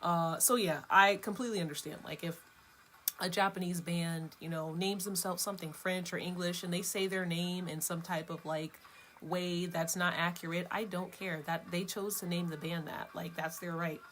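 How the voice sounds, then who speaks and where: Low-voiced woman chatting casually. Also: fairly even intonation, normal speed, fairly bright tone, slight background noise. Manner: rambling, chatty, laughs between thoughts. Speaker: vlogger host. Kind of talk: casual chat.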